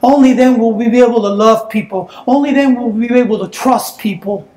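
High-voiced woman preaching in a roomy church. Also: a little fast. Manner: animated, bursts into shouts and laughter. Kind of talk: sermon with personal storytelling. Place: church sanctuary.

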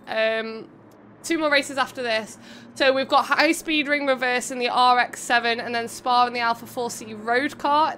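A woman's voice: a little high, bright, forceful tone, a little hiss or hum. A young woman streamer commentating a racing game event and chatting with viewers in a bubbly, giggly way. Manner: bubbly, giggly, chats to viewers between calls. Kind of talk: live race commentary and chat.

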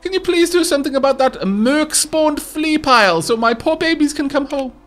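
A man putting on a shrill, fussy old lady. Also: expressive, moderate pace, fairly bright tone, faint music behind. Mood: aggrieved. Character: indignant old lady whose cats ran off.

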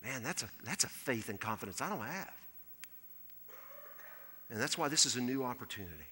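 A pastor preaching a conversational sermon, acting out quoted voices and dropping to a hush for his appeals. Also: medium pitch, animated, fairly quick, breathy edge. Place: church sanctuary. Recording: hall reverb in a church.

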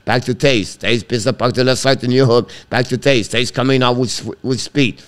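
Excitable man calling hockey. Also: smooth. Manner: rapid clipped calls, pitch jumping sharply on shots. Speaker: hockey play-by-play commentator. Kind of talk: live stream play-by-play commentary.

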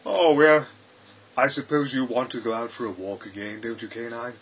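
A man playing an eccentric, chuckling gentleman time traveller who rambles and mutters to himself in a fan-made audio parody. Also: medium pitch, fairly even intonation, normal speed, slight background noise, lightly acted.

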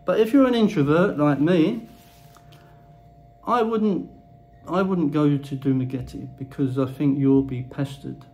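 A man's voice: a little high, measured pace, pauses often, darkish tone, highs cut off. A man delivering a blunt, crude ranting monologue to camera as a vlogger. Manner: blunt, crude, swears freely.

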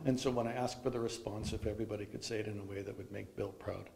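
A man serving as lay reader at a funeral, reading scripture and leading the psalm response with clear projection. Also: lowish voice, fairly even intonation, fast talker, background noise.

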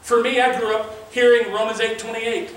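A man's voice: very high-pitched, flat delivery, moderate pace, a bit bright. A male pastor preaching a sermon in an earnest, conversational way, weaving in scripture readings. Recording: very echoey room, mic far off.

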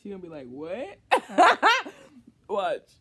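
A young woman vlogging casually to her viewers, excitable and slangy, swinging between laughter and frustration. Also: low-pitched, fairly quick. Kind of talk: casual vlog chat to camera.

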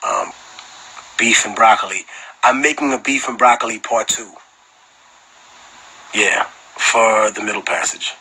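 Bright, husky New man telling stories. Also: lowish voice, unhurried, long pauses, rough recording. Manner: animated, swearing storyteller who laughs often. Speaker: rapper answering fans on a live stream. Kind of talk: casual storytelling chat. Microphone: phone.

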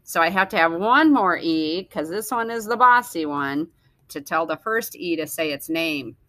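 A woman teacher slowly sounding out letters and words for young children in a phonics lesson. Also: fairly low pitch, animated, fairly bright tone, dry recording. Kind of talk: early-reading phonics lesson.

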